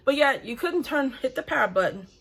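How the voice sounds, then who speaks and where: A woman in her forties gives blunt, critical reaction commentary in a casual, chatty way. She breathes hard between phrases, and her voice is bright and forceful. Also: sits high, lively intonation, brisk, gravelly. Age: 40s. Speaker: reaction video host.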